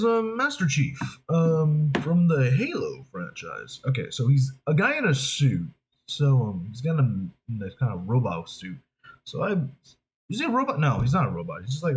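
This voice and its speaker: A man's voice: on the high side, rough recording. A man from New York, a voice actor, chatting casually and thinking aloud with many fillers. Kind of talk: casual talk to camera.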